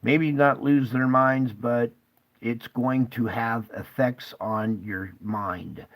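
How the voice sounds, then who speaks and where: A man talks straight to his viewers in an urgent, emotional monologue. He sounds tearful at times, and his voice sits at an ordinary middle pitch for a man. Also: steady tone, takes it slowly, low-quality recording. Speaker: channel host.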